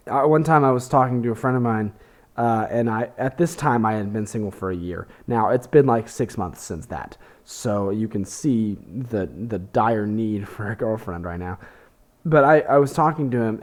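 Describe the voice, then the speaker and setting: A young man, hosting a podcast, telling rambling, self-deprecating comedy stories full of fillers and swearing. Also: medium pitch. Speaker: podcast host. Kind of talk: casual comedic monologue.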